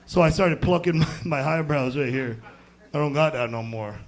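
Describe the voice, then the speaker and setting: A young American man doing a crude, rambling stand-up set, jumping from loud bursts to muttered asides. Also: on the high side, animated, a little fast, creaky. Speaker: stand-up comedian. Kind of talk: stand-up set at an open mic.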